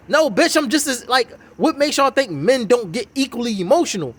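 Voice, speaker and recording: A man's voice: extremely high pitch, animated, a little fast, few pauses, husky. A man giving a heated, swearing, mocking reaction commentary on a video. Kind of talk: profane ranting reaction commentary.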